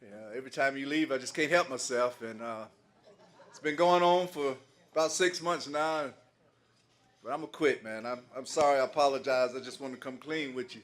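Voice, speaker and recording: A man's voice: mid-range voice, normal speed. An older man doing stand-up comedy, telling folksy stories in a loose way and laughing at his own jokes.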